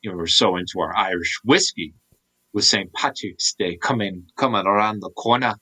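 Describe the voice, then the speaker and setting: A fairly low, husky male voice, pushed and bright, moves at a normal pace on a rough recording. The speaker, a podcast co-host in his thirties, rambles through casual conversation with many fillers and restarts.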